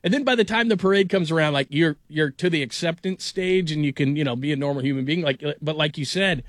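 Man sports radio host, slightly high voice, dry studio sound, rambling and casual. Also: quick pace, dry recording. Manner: rambling, heavy use of "like".

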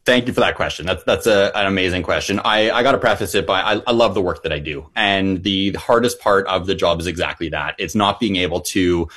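A man's voice: low voice, a little fast, hardly any pauses, a bit bright. A man who works as an emergency physician, answering interview questions eagerly with frequent restarts.

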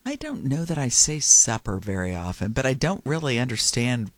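A male radio co-host with a medium-pitched voice chatting casually. He tends to give short, dry remarks. The sound is close and dry. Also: very animated, moderate pace, no room sound. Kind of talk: casual on-air banter.

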